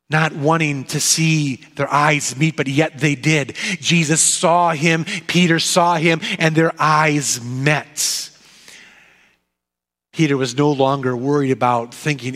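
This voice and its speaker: A man preaching a sermon, telling the story dramatically and dropping to soft, low tones at key moments. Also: steady tone, measured pace. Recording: echoey hall.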